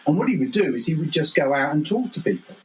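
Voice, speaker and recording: A man's voice: a little high, very animated, quick pace, crowd noise, poor audio. A man, a guest author on a podcast interview, telling stories in a wry, self-deprecating way.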